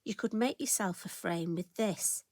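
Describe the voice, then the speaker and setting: A middle-aged woman hosts a craft tutorial, talking chattily to her viewers as she stamps a card. Her manner is friendly and self-deprecating, with a voice of ordinary pitch for a woman. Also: unhurried, a little mellow, no room sound.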